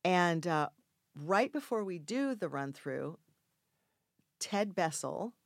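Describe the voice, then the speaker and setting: An older woman telling a casual anecdote in an interview, acting out the quoted voices with sudden loud, high outbursts. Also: slow pace, dry recording, clean studio sound. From Mexico. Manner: animated storyteller acting out quoted lines with big jumps in pitch and volume. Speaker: actress guest telling a story.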